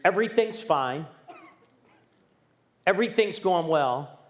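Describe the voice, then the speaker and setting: A man's voice: sits high, lively intonation, takes it slowly. A middle-aged man preaching in a church, telling a personal story with humor and candor. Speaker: guest pastor. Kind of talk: storytelling sermon.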